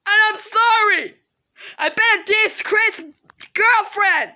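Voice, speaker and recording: A teenage girl vlogging an emotional, tearful apology monologue to the camera, rambling and shouting at times. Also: very high-pitched, slow pace. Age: teens.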